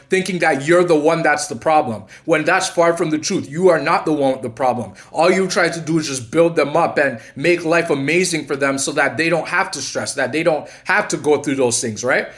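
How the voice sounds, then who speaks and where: Earnest man with a higher voice, rambling. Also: fairly quick, hardly any pauses, fairly bright tone. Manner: rambling, with many restarts and repeated "maybe". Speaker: channel host, narcissism coach. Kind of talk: casual monologue to viewers.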